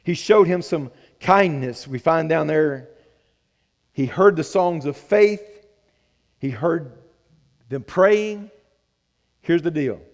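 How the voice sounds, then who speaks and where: A man's voice: a little high, expressive, takes it slowly, long pauses, in a large hall. A man preaching a sermon as pastor, earnest and conversational, asking the congregation questions.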